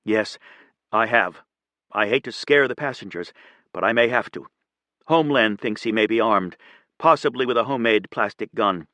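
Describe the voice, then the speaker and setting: A man reading a composed female airline captain, quiet and kind but firm. The voice is low and close, with a dry, intimate audiobook sound. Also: moderate pace, no echo. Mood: calm. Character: calm, steady female airline captain, ex-military.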